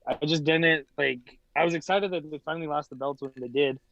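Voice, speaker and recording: A man's voice: fairly high pitch, steady tone, brisk, gravelly, a bit bright, no echo. A man co-hosting a casual podcast, easygoing, laughing often and leaning on fillers. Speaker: podcast co-host. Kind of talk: casual chat. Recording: dull, lo-fi mic.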